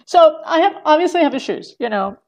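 A middle-aged woman speaks as a podcast guest, her voice strongly gravelly with plenty of vocal fry and sitting slightly high. She rambles, restarts her sentences and laughs often. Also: animated, a little fast, a little mellow. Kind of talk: casual podcast conversation.

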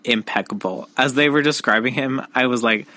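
A young man co-hosting a casual book-club podcast, retelling scenes with animated asides and dry quips. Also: mid-range voice, brisk. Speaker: podcast co-host.

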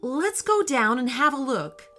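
A woman voicing a gentle, mild-mannered mother in a storybook reading. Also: high voice, sing-song, unhurried, faint music behind, exaggerated voice. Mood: calm. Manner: mild, polite exclamations.

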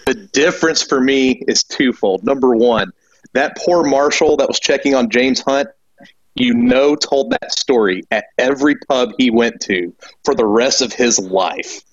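A man's voice: mid-range voice, sing-song, unhurried, husky, no echo. Wry man on a dull-sounding mic. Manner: wry, dry humor. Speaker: podcast panelist. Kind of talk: casual chat.

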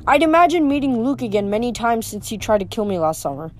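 A woman reading a novel aloud as audiobook narrator, in a steady storytelling manner. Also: a little high, fast. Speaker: reader.

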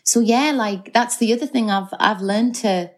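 A woman's voice: on the high side, moderate pace. A middle-aged woman with a Geordie accent, chatting as a guest on a podcast, full of fillers and restarts. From North East England. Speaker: actress guest. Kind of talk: casual chat.

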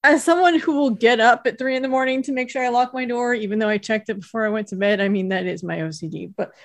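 Relaxed woman co-hosting a podcast. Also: on the high side, quick pace, no room sound. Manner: relaxed conversational, frequent backchannel agreement. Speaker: podcast co-host. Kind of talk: casual episode recap chat.

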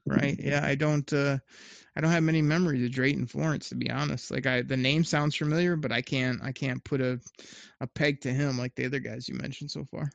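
Gravelly man in rambling sports chat. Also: medium pitch, steady tone, fairly quick, no room sound, muffled recording. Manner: rambling, laughs often, many restarts. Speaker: podcast co-host.

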